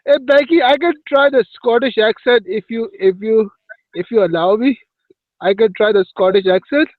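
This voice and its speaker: A man's voice: sits high, normal speed, dry recording, narrow, tinny audio. A man hosting a casual voice-chat show, playful and self-mocking. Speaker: host.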